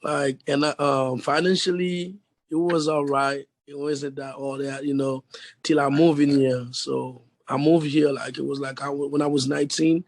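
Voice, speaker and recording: A young man with a deep voice and a foreign accent, a guest musician rambling casually with lots of fillers in an interview. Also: normal speed, no echo. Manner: rambling, relaxed, many fillers like "you know".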